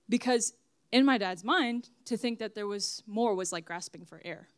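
A woman's voice: on the high side, moderate pace, smooth, no echo, clean studio sound. A young woman giving a personal testimony sermon at church, earnest and emphatic as she speaks straight to the congregation.

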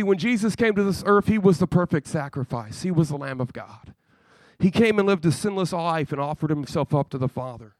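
A man's voice: fairly high pitch, no echo. A man preaching a sermon with passion and breaking into humorous asides.

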